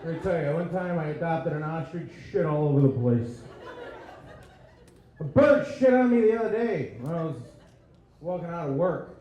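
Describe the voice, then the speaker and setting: High, mellow-voiced crude stand-up man. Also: animated, moderate pace, pauses often. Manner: crude, self-deprecating, riffing with the crowd. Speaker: stand-up comedian. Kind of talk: stand-up comedy set. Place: comedy club stage. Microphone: handheld stage mic. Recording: echoey club with audience. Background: audience laughter.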